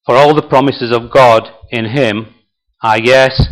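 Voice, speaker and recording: A man's voice: medium pitch, fairly even intonation, measured pace, low-quality recording. A man preaching a sermon in a chatty way, often asking his listeners questions, his voice a little tired and strained. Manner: chatty, asks the congregation questions. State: voice tiring, clearing throat. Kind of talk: sermon with a told joke.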